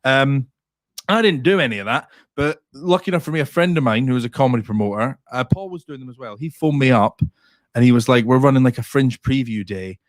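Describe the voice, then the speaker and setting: Animated sweary Scottish man telling stories. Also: mid-range voice, quick pace, dry recording, clean studio sound. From Scotland. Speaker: comedian guest. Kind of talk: casual chat, storytelling.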